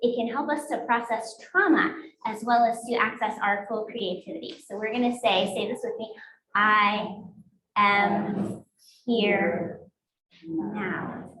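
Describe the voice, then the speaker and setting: Woman guest minister, high voice, slow inviting liturgy, roomy church echo. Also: steady tone. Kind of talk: leading a worship service. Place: church sanctuary.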